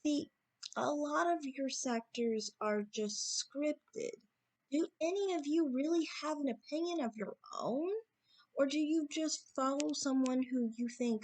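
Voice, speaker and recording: A woman speaking in an assertive opinion monologue to her viewers, repeating points for emphasis, with fillers and short pauses. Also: high voice, a little mellow. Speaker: YouTube commentator.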